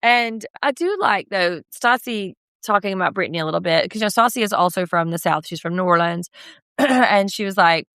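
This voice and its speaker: A woman's voice: mid-range voice, animated, brisk, a bit bright, smooth, no room sound. A woman co-hosting a podcast, chatting casually about a reality show, swearing freely. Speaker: podcast co-host. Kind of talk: casual recap chat.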